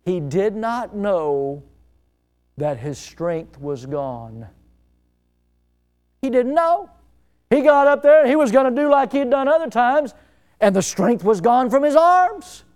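A man's voice: extremely high pitch, sing-song, slow pace, pauses often, darkish tone, clean tone. A middle-aged male pastor preaching a sermon, telling stories and firing rhetorical questions, often repeating words for emphasis.

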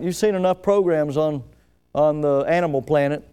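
Male pastor, sermon, resonant and a touch high-pitched, theatrical loud-to-soft swings. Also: clean tone. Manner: dramatic preaching that swells loud then drops to soft, slow emphasis.

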